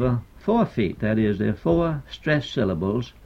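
This archival lecture, dull and lo-fi, features an older poet discussing meter with deliberate hesitation, many pauses and fillers. His voice is medium in pitch and animated.

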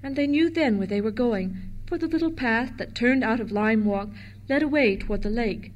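A woman reading a storybook aloud to children in a gentle, expressive way. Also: a little high, normal speed, lo-fi sound.

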